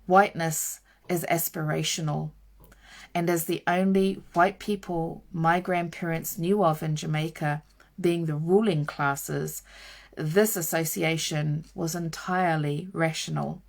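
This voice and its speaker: A woman host reading a nonfiction book aloud in a measured, emphatic way, stressing each item in her lists. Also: low-pitched, fairly even intonation, gravelly, darkish tone.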